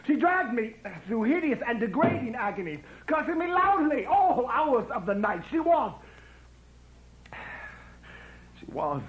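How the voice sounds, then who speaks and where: A man playing a brooding, passionate gentleman in a stage musical, declaiming with stammered repeats, heard from a distance in an echoey theatre hall over an orchestra. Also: very high voice, a little hiss or hum. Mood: bitter. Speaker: stage actor.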